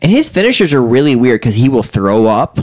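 A young man co-hosting a podcast, chatting casually and jokingly about video games. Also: brisk. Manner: animated, jokey, swoops up and down in pitch. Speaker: podcast co-host.

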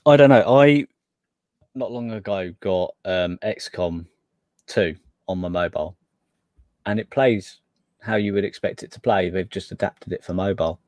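A man's voice: low-pitched, normal speed, pauses often, darkish tone, no room sound. A man co-hosting a casual gaming podcast, hesitant and correcting himself as he talks. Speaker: podcast co-host. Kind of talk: casual gaming news chat.

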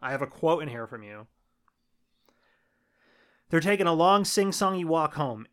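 A man's voice: on the high side, lively intonation, moderate pace, fairly bright tone, clear, resonant tone. A man co-hosting a casual movie review podcast, laid-back and swearing freely. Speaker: podcast co-host.

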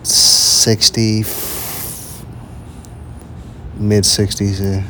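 Slow laid-back low-voiced man. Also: monotone, sharp tone, slight background noise. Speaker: podcast co-host. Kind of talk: casual travel podcast chat.

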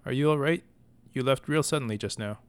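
A man's voice: medium pitch, clean tone, voice pushed up, close to an everyday voice. A man voicing a confident, good-humored young knight who encourages and teases his brother. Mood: encouraging. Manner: encouraging, smirking, brisk.

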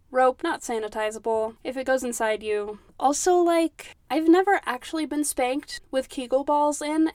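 A woman's voice: a little high, dry recording. A young adult woman hosting a podcast, ranting frankly and with exasperation, peppering her talk with "like". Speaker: podcast host. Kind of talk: casual commentary rant.

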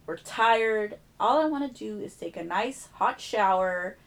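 A woman's voice: mid-range voice, unhurried. A woman hosting a podcast, telling a travel story in casual chat and acting out the people in it with plenty of swearing. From United States. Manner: animated, profane, acts out dialogue.

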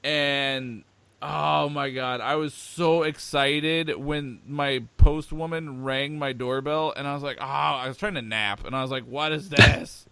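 A man's voice: mid-range voice, fairly even intonation, unhurried, vocal fry, fairly bright tone, smooth. A man co-hosting a podcast, chatting casually and with enthusiasm, rambling with lots of fillers. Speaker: podcast co-host.

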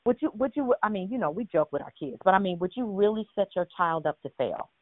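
A woman's voice: mid-range voice, lively intonation, quick pace, dry recording. A woman preaches on a prayer call in an earnest, direct way, asking her listeners questions and restarting her sentences. Her voice comes through a tinny phone line and sounds dry, with no room around it. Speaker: minister leading a prayer call. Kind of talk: conversational sermon on a call. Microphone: phone or conference call.

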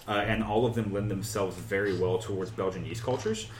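A man's voice: lowish voice, a little fast, reverberant, heavy background noise. A man co-hosting a casual podcast chat, rambling with lots of fillers as he geeks out about beer. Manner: rambling, many "uh" fillers, enthusiastic and geeky. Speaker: podcast co-host, beer expert.

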